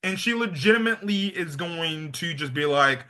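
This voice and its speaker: A young man giving a casual anime episode review, excitable, slangy and rambling. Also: on the high side, normal speed, hardly any pauses.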